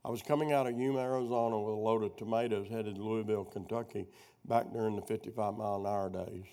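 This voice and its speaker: A middle-aged preacher with a gravelly voice tells homespun stories to teach his class. He rambles, wanders off track and circles back to pick up the thread. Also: lowish voice, steady tone, quick pace, mellow. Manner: rambling storyteller who loses his thread and doubles back. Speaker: preacher teaching a prophecy workshop. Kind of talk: folksy teaching sermon with personal stories.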